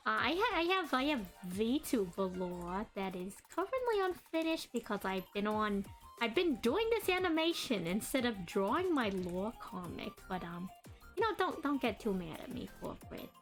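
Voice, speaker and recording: Young woman streamer, high lively voice, chosen cadence, rambling chat, soft music behind. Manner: chatty, rambling, greets chat by name; deliberately adopted speaking voice and cadence. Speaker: streamer and artist. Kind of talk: casual live-stream chat while drawing.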